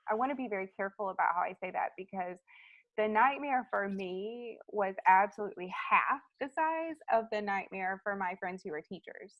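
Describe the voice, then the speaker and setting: A woman's voice: mid-range voice, no echo, narrow, tinny audio. A woman in her thirties, a guest in a casual interview, telling stories in a chatty way with lots of fillers. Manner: chatty storyteller, many fillers, acts out quotes. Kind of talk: casual chat.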